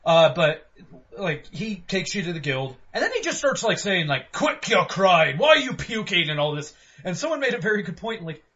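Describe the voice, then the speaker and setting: A man co-hosting a casual game review podcast, animated and swearing freely as he talks. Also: sits high, brisk. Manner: animated, swears freely, puts on voices for quotes. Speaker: podcast co-host. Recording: dull lo-fi podcast audio.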